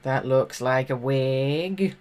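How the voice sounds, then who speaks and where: A woman giving sarcastic, exasperated commentary as a live streamer reacting to a TV show. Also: takes it slowly. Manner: sarcastic, exasperated, jumps into loud high exclamations.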